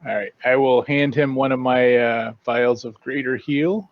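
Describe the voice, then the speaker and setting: A man's voice: medium pitch, unhurried, no echo, lo-fi sound. A man playing a tabletop game over voice chat, asking hesitant questions full of fillers. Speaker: player.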